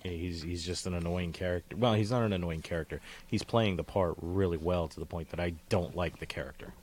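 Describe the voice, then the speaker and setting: A man with a deep, low voice co-hosting a casual podcast. He rambles from tangent to tangent, swears freely and laughs easily as he talks into his mic. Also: brisk, a little mellow. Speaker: podcast co-host.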